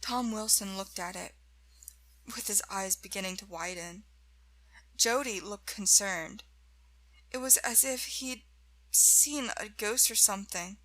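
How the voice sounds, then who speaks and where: Female narrator for a first-person horror reading; slow, measured, bright tone. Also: on the high side, rough recording.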